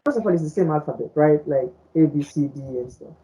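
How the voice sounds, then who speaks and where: Rambling woman podcaster, low dark voice. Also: expressive, fast talker. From French-speaking Africa. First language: Fulani. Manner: rambling, repeats words, many "you know"s. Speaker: podcast co-host. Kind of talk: casual podcast chat. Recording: dull lo-fi audio.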